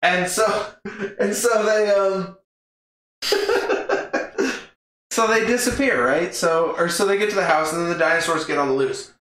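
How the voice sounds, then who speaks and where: A rambling, laugh-prone man co-hosting a podcast, recounting a film in loose casual chat with a bright, forceful tone. His voice rings around a very echoey room, and he swears freely as he goes. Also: sits high, unhurried. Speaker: podcast co-host. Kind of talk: casual movie recap chat.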